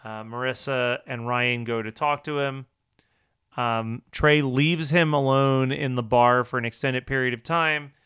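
A man's voice: medium pitch, fairly even intonation, unhurried, a bit bright, clean tone, no echo, studio quality. A man co-hosting a podcast, recapping a TV episode in casual, wry chat and laughing often.

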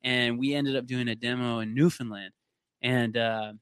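A man's voice: medium pitch, fairly even intonation, moderate pace, fairly bright tone, clear, resonant tone, no room sound, studio quality. A young man from Canada, a podcast guest, telling stories in a loose, rambling casual chat with plenty of swearing.

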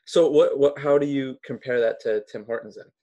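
An easygoing man co-hosts a casual chat, asking relaxed questions. His voice sits in a middle pitch for a man. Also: normal speed, highs cut off. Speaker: podcast co-host.

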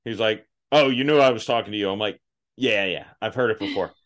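A man's voice: fairly low pitch, fairly quick, fairly bright tone. A man hosting a podcast, telling acting stories in a casual, self-deprecating way and laughing at himself. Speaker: podcast host. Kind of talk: casual interview chat.

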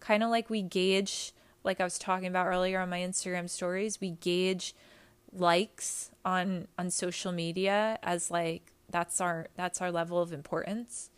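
A woman's voice: lowish voice, flat delivery, measured pace, clear, resonant tone. A woman who works as a holistic life coach, talking casually to her viewers with many fillers and emphatic repeats. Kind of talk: casual talk to camera.

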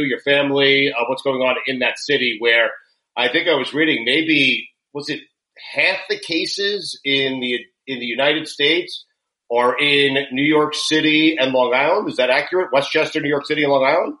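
Middle-aged radio guy, bright voice, friendly and jokey, loose chatty delivery. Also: mid-range voice, poor audio. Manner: friendly, joking, quick to laugh. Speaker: radio host. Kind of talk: casual remote chat.

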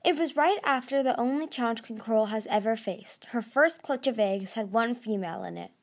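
A woman's voice: a little high, a little fast. A woman voicing a clever, nerdy young male dragon who lectures and stammers when flustered in a storybook reading. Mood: lecturing.

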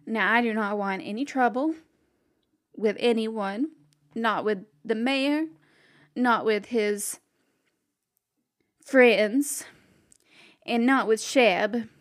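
Woman doing a stern door maid, firm and scolding, slow and high-ish. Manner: firm, scolding, drawn-out phrasing.

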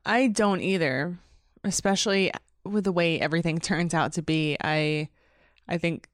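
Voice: medium pitch, unhurried, no room sound, clean studio sound. Co-host musing hesitantly. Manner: short agreements, hesitant musings. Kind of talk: casual TV recap discussion.

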